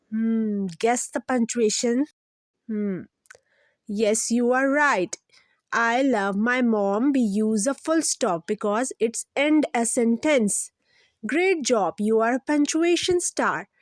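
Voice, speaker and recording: A woman hosting a children's lesson, explaining each point slowly and simply, repeating it and asking the kids to guess. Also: a little high, no room sound, studio quality. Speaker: children's teacher, channel host.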